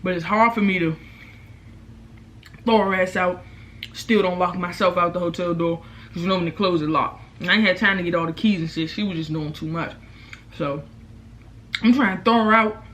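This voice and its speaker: A young woman vlogger, telling a storytime in casual, profane talk, loudly acting out what people said. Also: fairly low pitch, normal speed, pauses often, slight background noise. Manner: animated, profane, acts out quotes loudly. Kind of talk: casual storytime while eating.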